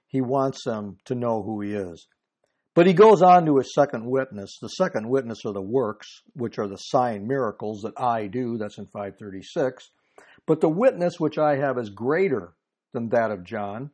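A man's voice: medium pitch, animated, moderate pace, darkish tone. Earnest man teaching scripture. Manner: earnest expository, reads scripture aloud. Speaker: Bible teacher. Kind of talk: verse-by-verse Bible teaching.

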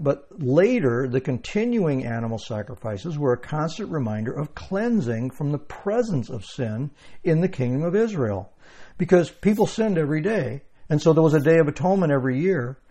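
Mellow-voiced man preaching a teaching sermon. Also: on the high side. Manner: teaching, explains verses, emphatic repetition. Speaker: pastor.

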